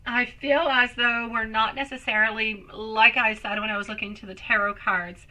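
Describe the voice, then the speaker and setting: A woman's voice: fairly high pitch, steady tone, normal speed, sharp tone, poor audio. A woman hosting a live-stream tarot reading, chatting with viewers and calling them sweetie and my love. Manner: chatty, reads viewer comments aloud and answers.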